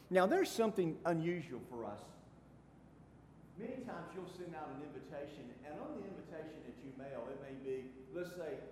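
A man preaching a sermon as pastor, emphatic, swinging from soft asides to loud stressed phrases. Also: medium pitch. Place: church sanctuary. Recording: echoey hall with faint room noise.

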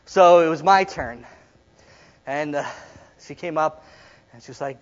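A man's voice: a little high, a little slow, long pauses. A middle-aged man preaching a sermon, telling a story and acting out the people in it, laughing often. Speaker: pastor. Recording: dull sound in a reverberant hall.

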